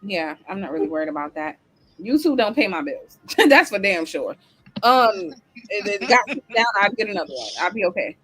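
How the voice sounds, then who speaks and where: A woman's voice: medium pitch, sing-song, brisk, a bit bright, faint music behind. A woman hosting a livestream talk show, ranting bluntly and heatedly with heavy swearing and answering the live chat. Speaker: host.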